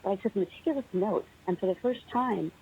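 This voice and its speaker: A young woman calling in to a podcast, chatty and excited, laughing often, heard over a tinny phone line. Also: medium pitch, fairly quick, slightly rough. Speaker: podcast caller. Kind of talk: casual voicemail chat.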